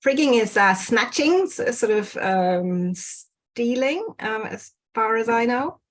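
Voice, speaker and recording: A woman presenting research in an online lecture over a video call, pausing often with ums and correcting herself. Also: on the high side, expressive. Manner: hesitant, many ums and self-corrections. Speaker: guest speaker presenting research.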